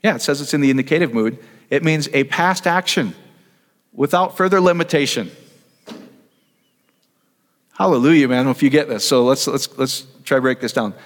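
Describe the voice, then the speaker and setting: A man's voice: medium pitch, normal speed, pauses often. A man giving a casual teaching sermon, talking conversationally and asking his audience questions. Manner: conversational, asks the audience questions, trails off and restarts. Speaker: preacher. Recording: long reverb of a hall.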